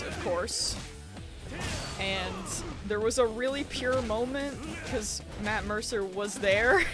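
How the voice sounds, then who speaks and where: A woman streamer chatting and telling stories as she plays a game, giggly and conversational. Her pitch sits in an ordinary middle range. Faint game music plays behind her. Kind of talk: casual live-stream gameplay chat.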